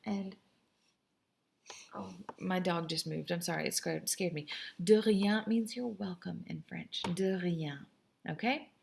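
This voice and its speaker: A woman's voice: fairly low pitch, slow pace, vocal fry, darkish tone, a little hiss or hum. A woman French teacher giving a recorded class lesson in an upbeat, chatty, encouraging way at a computer microphone.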